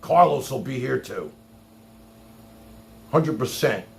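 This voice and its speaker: A man's voice: mid-range voice, lively intonation, slow pace, gravelly. A man hosting a livestream, ranting in a heated, mocking and sarcastic way. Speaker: livestream host.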